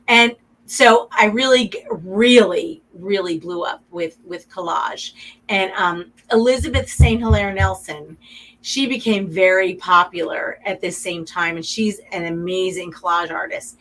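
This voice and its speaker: A woman's voice: mid-range voice, measured pace, fairly bright tone, low-quality recording. A middle-aged woman, a guest artist in a radio interview, talking in a chatty, effusive way and getting emotional.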